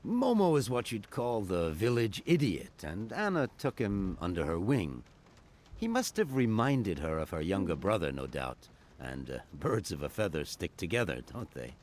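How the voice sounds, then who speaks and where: A man's voice: low-pitched, sing-song, normal speed, a little mellow, slight background noise. An actor voicing a polite but evasive male hotel clerk in an adventure game, who likes to gossip. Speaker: hotel receptionist.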